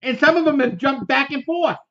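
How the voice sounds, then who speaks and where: A man's voice: extremely high pitch, fairly quick, fairly bright tone. A man co-hosting a political commentary show, talking in a fiery, repetitive way full of rhetorical questions. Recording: dull lo-fi sound.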